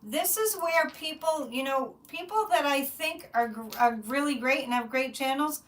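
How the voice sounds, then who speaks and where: A high-voiced woman talks animatedly to her viewers on a casual psychic livestream. She rambles, restarts her sentences and gets worked up. The mic sits a little distant from her. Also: moderate pace, fairly bright tone. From United States.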